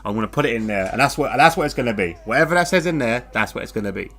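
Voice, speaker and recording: A man's voice: mid-range voice, lively intonation, racing, a bit bright. A man co-commentating a live online racing league, laid-back and self-mocking, laughing at himself often.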